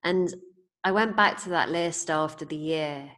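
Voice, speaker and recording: Low-voiced woman hosting a podcast. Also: measured pace, a bit bright. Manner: storytelling, amused, thoughtful. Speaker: podcast host. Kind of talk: casual conversation.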